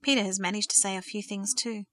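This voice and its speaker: A woman reading aloud and voicing a devout middle-aged mother who speaks slowly and cautiously. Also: medium pitch, steady tone, bright, forceful tone, dry recording, close to an everyday voice. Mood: measured. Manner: slow, cautious, hesitant.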